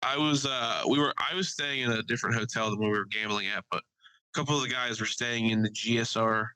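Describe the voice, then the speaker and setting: Guy on a podcast telling a wild story, bright punchy voice, cusses a lot, acts out what people said. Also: mid-range voice, fairly quick, smooth, no echo, poor audio. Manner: animated anecdote-telling, swears freely, quotes others. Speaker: podcast co-host. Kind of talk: casual storytelling chat.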